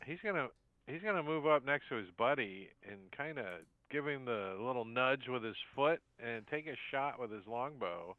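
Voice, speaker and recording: A man narrating and running a tabletop game as dungeon master, animated and quick with asides. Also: medium pitch, no room sound, narrow, tinny audio.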